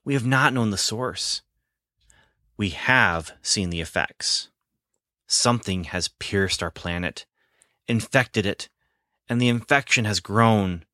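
A man voicing a solemn male Sasquatch elder in a story reading, speaking in slow, deliberate warnings. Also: lowish voice, sharp tone, no room sound, clean studio sound. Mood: grave.

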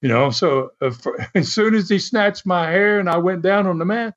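A man's voice: high-pitched, normal speed. A man as an interview guest, telling a story in a casual, chatty way and laughing often. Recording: dull lo-fi sound.

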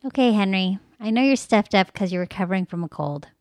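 A woman's voice: medium pitch, animated, brisk, a little mellow, no echo. A woman co-hosting a casual podcast chat, teasing and playful with her partner. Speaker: podcast co-host.

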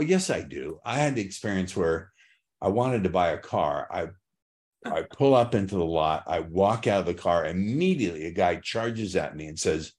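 A man with a deep, darkish voice hosts a podcast, chatting casually with his guest in an interview and laughing easily.

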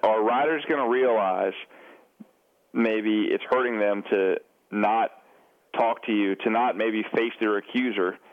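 A man's voice: on the low side, a little slow. A man hosting a podcast interview, asking long, winding questions. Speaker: podcast host. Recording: tinny phone line.

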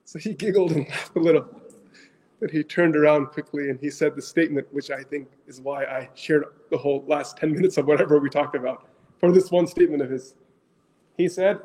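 A middle-aged man, an Islamic scholar with as his tongue, tells stories to an audience in an animated way, asks his listeners questions and mixes in phrases. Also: a little high, brisk, breathy edge. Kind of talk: storytelling talk to an audience.

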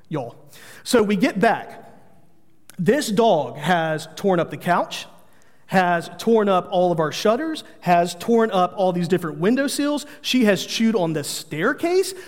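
A man's voice: sits high, big-room sound. A man, preaching a sermon in an earnest manner, telling family stories with humor. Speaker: pastor.

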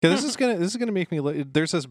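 A man's voice: sits high, lively intonation, racing, no echo. A man co-hosting a podcast in casual chat, throwing in dry, wry one-liners. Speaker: podcast co-host.

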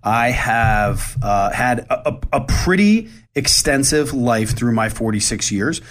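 A man talks straight to his listeners. His voice sits at an ordinary middle pitch, and his delivery is candid and rambling, with plenty of false starts and restarts. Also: animated, takes it slowly, a bit bright. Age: 40s. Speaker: show host. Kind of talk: casual monologue.

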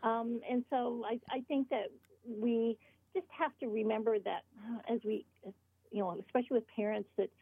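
A woman author being interviewed, explaining earnestly in short halting phrases over the phone. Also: fairly high pitch, steady tone, creaky, slightly rough, no room sound. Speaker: author guest. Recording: tinny phone line.

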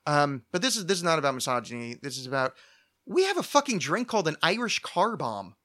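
A man's voice: a little high, very animated, fast talker, a bit bright. A young man hosting a podcast alone, ranting with lots of swearing, restarts and stammers. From United States. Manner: profane, ranting, stammering restarts, mocking put-on voices. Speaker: podcast host. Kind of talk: solo casual rant.

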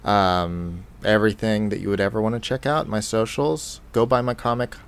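A man co-hosting a casual podcast, relaxed and hesitant as he plugs his own work. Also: fairly low pitch, normal speed, creaky, smooth. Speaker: podcast co-host.

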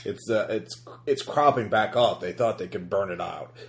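A game master voicing a paranoid old man with a raspy voice, warning in halting, broken phrases. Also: on the low side, natural voice.

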